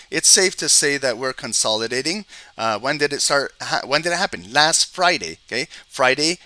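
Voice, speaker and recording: A man hosting a live market stream, his voice very bright and sharp with a dry, close sound. He talks fast and eagerly, tossing in a quick "okay?" to check on his viewers. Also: medium pitch, no room sound. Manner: fast-talking, excited, frequent "okay?" check-ins. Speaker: trading stream host.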